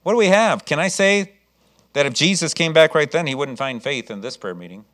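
Male pastor, sermon delivery, somewhat high-pitched voice, animated storytelling. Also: fairly quick.

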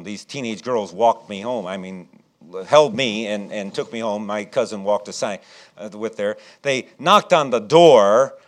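A middle-aged man preaching a sermon and telling a childhood story, animated and acting out what people said. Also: lowish voice, measured pace. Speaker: pastor.

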